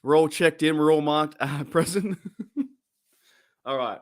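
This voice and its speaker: A man with an Australian accent hosting a casual live stream, excitably greeting chat viewers and rambling as he talks. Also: a little high, a little slow. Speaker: livestream host.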